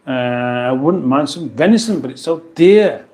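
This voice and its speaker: A man's voice: mid-range voice, animated, a little slow, a little mellow. A man with an English accent hosting a casual live stream from his kitchen, reading viewer comments aloud with dry, playful banter. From England. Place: home kitchen.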